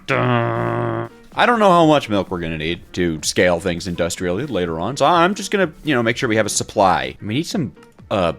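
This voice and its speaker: A man giving let's play commentary as a gaming creator, excitable and thinking aloud while he plays, talking to himself and often breaking into laughter. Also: on the low side. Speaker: gaming YouTuber.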